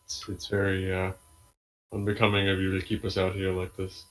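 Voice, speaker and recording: A man at a tabletop game who talks in a formal, blunt way. His voice is low. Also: monotone, normal speed, poor audio. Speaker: player.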